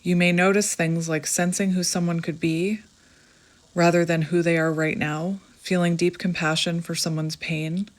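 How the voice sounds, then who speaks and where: A woman's voice: fairly low pitch, little pitch movement, normal speed. A woman giving an earnest, emotional tarot reading to the viewer, reassuring them and reading passages aloud. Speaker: tarot reader.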